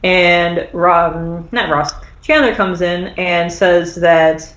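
A woman's voice: fairly low pitch, takes it slowly, few pauses, fairly bright tone. A woman in casual chat, rambling through a recap with lots of fillers and acting out lines from the story. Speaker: podcast host recapping an episode. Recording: roomy, dull lo-fi sound.

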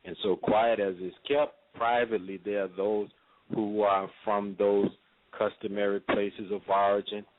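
A man giving a radio interview in a measured, preacherly way, with frequent fillers. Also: on the low side, little pitch movement. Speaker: interview guest. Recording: phone-line audio.

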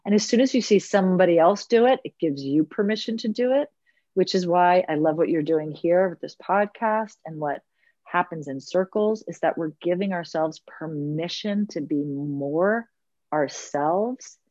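A woman's voice: fairly low pitch, normal speed, a little mellow, no room sound. Earnest woman storyteller, lo-fi sound. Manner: earnest, reflective storyteller, acting out quotes. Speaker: podcast guest, circle facilitator. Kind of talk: podcast conversation. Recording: slightly dull, lo-fi audio.

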